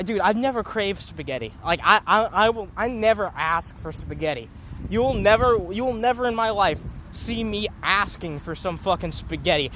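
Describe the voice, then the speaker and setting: Young guy going off on a stream, high voice, swears constantly, faint traffic noise behind. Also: fairly bright tone. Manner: profane, rambling, self-mocking. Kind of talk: solo livestream rant. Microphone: phone.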